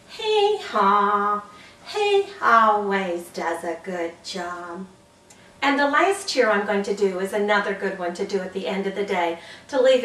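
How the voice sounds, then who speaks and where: A woman's voice: medium pitch, reverberant, recorded from a distance, low-quality recording. A woman demonstrating classroom cheers for teachers, bouncy, with whoops and sound effects. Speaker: early childhood teacher trainer.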